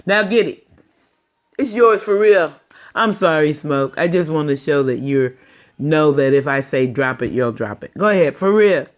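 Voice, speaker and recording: A woman's voice: low-pitched, animated, moderate pace. An older woman, a grandmother, coaxing and teasing her dog in a casual home video, laughing often.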